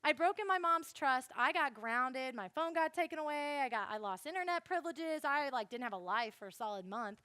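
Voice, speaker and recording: A young woman giving a chatty, animated Bible lesson to a youth group and speaking straight to the listeners. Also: high voice, brisk, few pauses, no room sound, clean studio sound. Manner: chatty, animated, addresses the audience directly.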